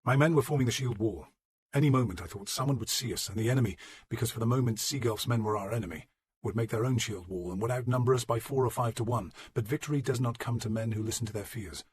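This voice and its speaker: A man reading a historical novel as a first-person audiobook narration, measured and low-voiced. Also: breathy edge, no echo.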